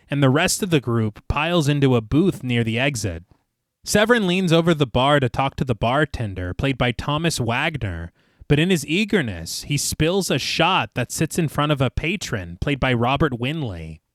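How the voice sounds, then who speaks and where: A man's voice: a little high, no room sound, studio quality. A man co-hosting a podcast, narrating a film scene by scene and quoting its lines with gusto between casual asides. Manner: animated storyteller, quotes lines with gusto. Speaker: podcast co-host recapping a film.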